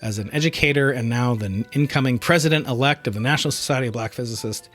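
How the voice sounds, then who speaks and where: A middle-aged man hosting a podcast interview, energetic and teasing, laughing easily. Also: mid-range voice, fast, faint music behind. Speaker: podcast host. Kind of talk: conversational interview.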